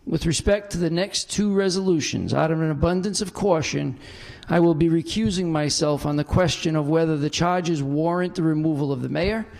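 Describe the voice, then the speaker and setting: A man serving as council president, chairing a formal public meeting and reading a prepared statement with slow, deliberate emphasis. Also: fairly high pitch, gravelly, a little mellow. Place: council chamber.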